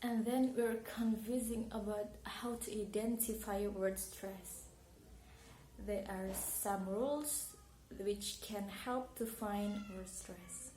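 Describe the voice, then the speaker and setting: Brief: young Indonesian woman, Indonesian accent, unhurried, carefully repeats words, echoey room. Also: mid-range voice, fairly even intonation, over loud music. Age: young adult. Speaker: university student. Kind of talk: recorded English pronunciation lesson. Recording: echoey room with faint noise.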